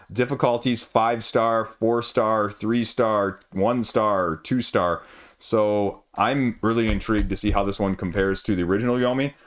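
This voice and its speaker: A man hosting his own board game channel, chatting casually through an unboxing in a rambling way and correcting himself as he goes. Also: lowish voice.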